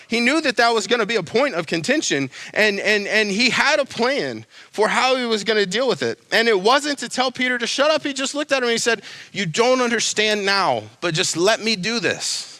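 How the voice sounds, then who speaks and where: A young man delivers a sermon in a bright, forceful voice that sits a little high for a man. His tone is casual and animated, full of slangy asides. The sound is close and dry, with no room echo. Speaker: pastor.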